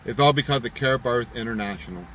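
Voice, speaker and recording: A man's voice: medium pitch, fast, a bit bright, a little hiss or hum, rough recording. A man giving a fervent, preachy pep talk on a live stream from his parked car, repeating himself for emphasis. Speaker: business promoter on live stream. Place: parked car at a park outdoors.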